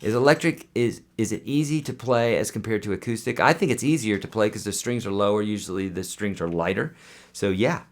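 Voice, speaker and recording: A man's voice: fairly low pitch, a little fast. A man hosting a casual live Q&A as a guitar teacher, chatty and friendly, with lots of fillers and restarts.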